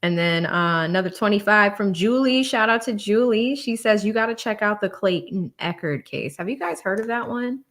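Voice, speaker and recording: A woman's voice: mid-range voice, expressive, normal speed, hardly any pauses, fairly bright tone. A woman from Boston with a Boston accent, co-hosting a livestream casually and reading out donations. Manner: laughs easily, reads out donations. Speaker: co-host.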